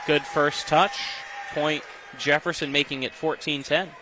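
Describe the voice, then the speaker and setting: A man calling live high school volleyball play-by-play, quick and getting excited on rallies. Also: noisy background. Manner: rapid, gets loud and excited on long rallies. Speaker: play-by-play commentator.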